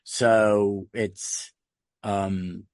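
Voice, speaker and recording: A man's voice: on the low side, flat delivery, extremely slow, no room sound. American man, dry and rambling. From United States. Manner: rambling anecdotal storyteller. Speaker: podcast co-host. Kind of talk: casual podcast chat.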